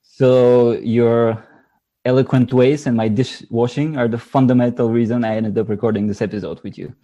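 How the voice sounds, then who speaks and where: A man from Bulgaria with a Bulgarian accent, a literary translator chatting as a podcast guest in a relaxed, wry way. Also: medium pitch, normal speed, muffled recording. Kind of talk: casual podcast chat.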